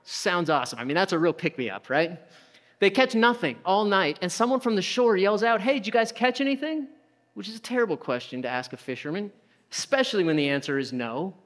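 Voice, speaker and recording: A man's voice: a little high, expressive, fairly quick, a bit bright. Preaching man in a reverberant hall. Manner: conversational preaching with rhetorical questions and acted-out quotes. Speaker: pastor. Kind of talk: sermon.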